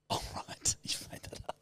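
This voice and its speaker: A man's voice: pushed and bright, no echo. An Australian man co-hosting a podcast, chatting casually, blunt and jokey, swearing freely. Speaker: podcast co-host. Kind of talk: casual chat.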